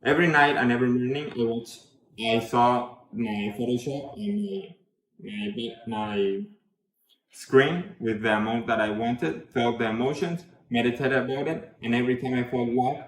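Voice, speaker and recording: Man, mid pitch, earnest halting testimony, distant mic in an echoey room. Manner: earnest, halting, self-correcting. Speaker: event attendee giving a testimonial. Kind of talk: personal testimony. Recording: echoey room, mic far off, faint noise.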